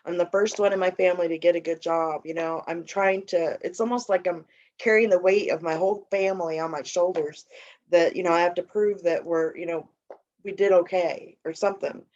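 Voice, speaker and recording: A woman sharing personally at a recovery meeting, talking haltingly with many fillers and restarts. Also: lowish voice, fairly even intonation, darkish tone, dull audio.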